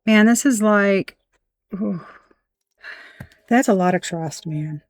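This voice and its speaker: A woman's voice: mid-range voice, unhurried, no echo. A woman giving a casual tarot reading, blunt and emphatic, swearing freely as she points out the cards. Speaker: tarot reader.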